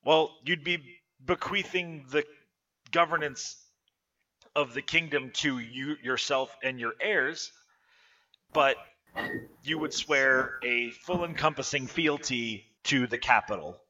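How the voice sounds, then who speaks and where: A man's voice: mid-range voice, slow pace, sharp tone. A man voicing a youthful, precise elf assistant who reads carefully and measuredly, on a dull lo-fi recording.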